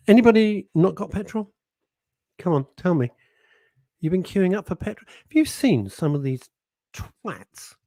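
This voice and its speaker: Lively, husky radio host. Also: male voice, high-pitched, no room sound. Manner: chatty, laughs often, teasing listeners. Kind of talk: casual radio chat. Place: radio studio.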